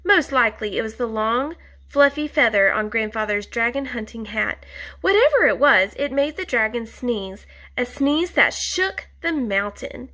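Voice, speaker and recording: A woman reading a picture book aloud to children, gently asking them questions with soft whispered asides. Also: on the high side, expressive, unhurried.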